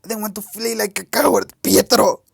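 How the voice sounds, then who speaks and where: A woman's voice: mid-range voice, steady tone, fairly quick, vocal fry, slightly rough, no room sound, studio quality, pitched above the performer's own voice. A woman reading as a weary, self-doubting young man. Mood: anxious, frustrated. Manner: hesitant, restarts often.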